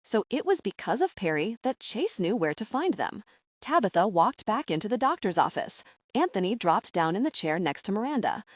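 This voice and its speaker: A woman narrating an audiobook in a gentle storytelling manner. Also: medium pitch, big pitch swings, normal speed, no echo, studio quality.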